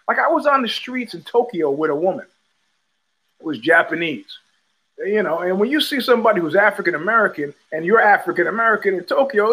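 A man's voice: high voice, expressive, brisk, sharp tone, low-quality recording. An older man hosting a podcast, telling a rambling story with many fillers and restarts, acting out the people he quotes. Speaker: podcast host. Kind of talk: casual storytelling monologue.

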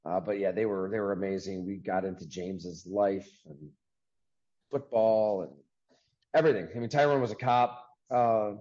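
A man hosting a casual sports podcast over a video call from a sports bar, talking in an upbeat, chatty way with quick asides. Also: lowish voice, darkish tone, lo-fi sound. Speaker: podcast host.

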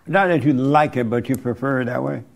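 A man's voice: mid-range voice, a little fast, gravelly. A man interviewing people, pressing them with repeated probing questions.

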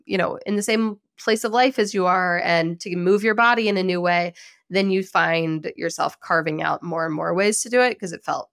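A woman in her thirties hosts a podcast in a loose, casual solo chat. She tells stories in an animated, chatty way and breaks into laughter often. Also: on the low side. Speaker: podcast host.

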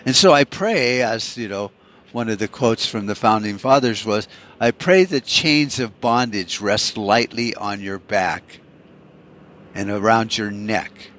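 A man's voice: on the low side, a little slow, a bit bright, a little hiss or hum. A man hosting his own podcast, delivering an angry, profane political monologue with heavy emphasis and repeated words. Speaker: podcast host.

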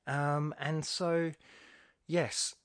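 A man's voice: fairly high pitch, little pitch movement, drawn-out words, smooth, no room sound, studio quality. A man hosting a podcast, analysing a poem aloud in a musing, discursive way with wry, self-mocking asides. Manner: musing, thinking aloud with frequent restarts. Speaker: podcast host. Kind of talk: spoken poetry analysis.

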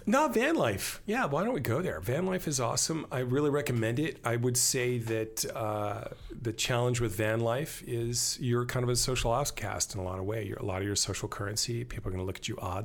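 A man talking in a casual podcast conversation, animated and rambling, joking as he tells stories. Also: on the low side, a little fast, few pauses. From born in Germany to American parents. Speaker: podcast guest.

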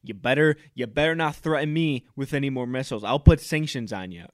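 A man's voice: medium pitch, fairly quick, dry recording, clean studio sound, close to an everyday voice. A man voicing a blustering male head of state who issues swaggering threats. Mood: threatening.

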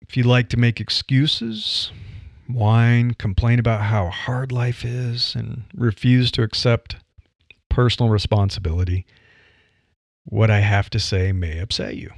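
An older Nebraska man hosts a solo podcast in a Midwestern accent, blunt, plain-spoken and wry. His voice is medium-pitched, unhurried and creaky. The audio is dry and slightly dull, with no room sound.

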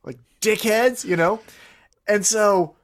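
A man co-hosting a casual podcast, telling stories with excitement and swearing freely. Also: sits high, takes it slowly. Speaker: podcast co-host.

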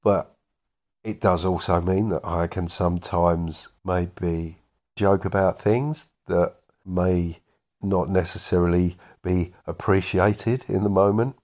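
Brief: low-voiced male podcast host, thoughtful and measured, some hesitation. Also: steady tone, darkish tone. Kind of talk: casual podcast reply to listeners.

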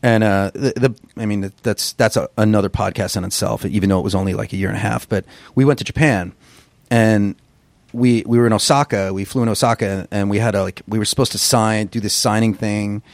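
A man from Long Island, a podcast guest and musician, telling road stories in a casual interview, animated and swearing freely. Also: on the low side, a little fast, vocal fry, no echo. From Long Island, New York. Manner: animated storyteller, swears freely, acts out quotes.

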